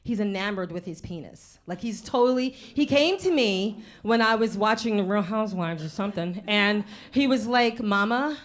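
A woman in her thirties doing a stand-up comedy set on a live stage, telling mouthy, animated stories about her kids with asides to the audience. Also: medium pitch, moderate pace, hardly any pauses. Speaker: stand-up comedian and show host.

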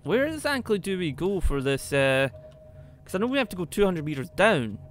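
A man commentating his game play, excitable, talking to the creatures and shouting when he panics. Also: sits high, moderate pace, a little hiss or hum. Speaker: gaming YouTuber.

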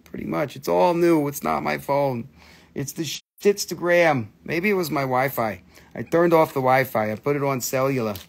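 A man hosting a live crystal sales stream from a phone, excitable, swearing freely and coaxing viewers to buy. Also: fairly high pitch, moderate pace, creaky.

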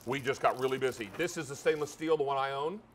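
A man's voice: mid-range voice, fast, a little hiss or hum. A man hosting a live TV shopping show, chatty and upbeat, calling out stock counts as he sells. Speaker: TV shopping host. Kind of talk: live home shopping presentation.

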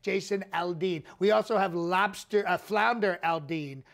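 A man's voice: high-pitched, measured pace, fairly bright tone. A male comedian doing a live impression of a boastful male ex-president, rambling and repeating himself in a mock press conference.

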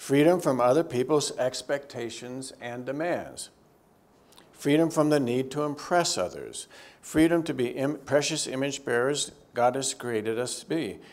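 A man, a theologian, teaching a church group in a conversational way, lifting his voice for emphasis and dropping to quiet, low asides. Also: expressive, a little slow. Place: church gathering.

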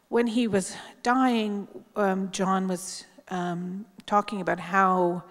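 Wry chatty woman speaker in a big hall. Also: on the low side. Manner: candid, wry, chatty with frequent ums. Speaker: journalist. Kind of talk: memorial tribute speech. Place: large hall at a public event. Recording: long hall reverb.

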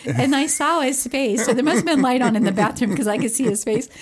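An expressive woman telling a story in casual podcast chat, with a lively, laughing delivery. She acts out the quotes in her story. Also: sits high, a little fast, a crowd in the background. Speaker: podcast co-host, parent.

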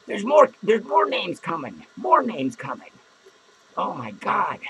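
A man's voice: high voice, wildly swooping pitch, a little slow, creaky, a bit bright, a little hiss or hum, full character voice, low-quality recording. A man playing a foul-mouthed, jittery male clown who hosts a podcast and rants crudely and nervously at his viewers. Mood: anxious. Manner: swearing, rambling, nervous outbursts. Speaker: podcast host. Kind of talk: profane comedic rant to viewers. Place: podcast studio.

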